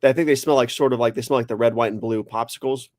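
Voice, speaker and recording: A laid-back man co-hosting a live stream in a loose, easy way, dropping curses into his talk. His voice sits at a middle pitch. The sound is dry and close. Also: steady tone, fast, no room sound. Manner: laid-back, swears casually. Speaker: podcast co-host. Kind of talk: casual live-stream chat.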